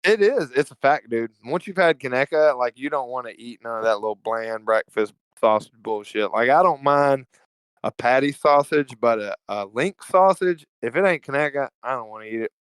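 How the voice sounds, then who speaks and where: A man's voice: mid-range voice, expressive, normal speed, clear, resonant tone, no room sound, rough recording. A man with an Alabama Southern accent, talking as a podcast guest in a laid-back, slangy, profane and jokey way. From Evergreen, Alabama, US. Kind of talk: casual conversational storytelling.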